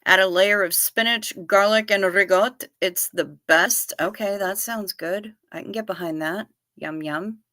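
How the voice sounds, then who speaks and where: A woman's voice: medium pitch, fairly bright tone, no room sound, clean studio sound. A woman hosting a casual livestream, reading viewer comments aloud and answering them in a blunt, teasing way. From United States. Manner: blunt, salty, quick to tease. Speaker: livestream host.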